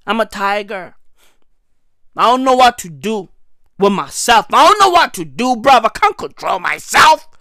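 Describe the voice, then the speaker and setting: A man voicing a boastful man who says he cannot control his wild urges, shouting and swooping in pitch. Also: very animated, a little slow, no room sound, studio quality, exaggerated voice. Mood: wild boasting. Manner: shouting, swooping high and loud.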